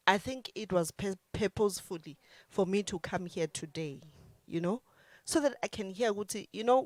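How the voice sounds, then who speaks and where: Soft-spoken woman giving thanks. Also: lowish voice, dry recording. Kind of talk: heartfelt personal testimony.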